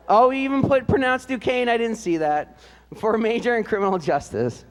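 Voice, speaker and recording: A man announcing at a ceremony and reading aloud, in a relaxed, joking way with frequent hesitant "uh" fillers. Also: high voice, brisk, big-room sound. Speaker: announcer introducing band seniors.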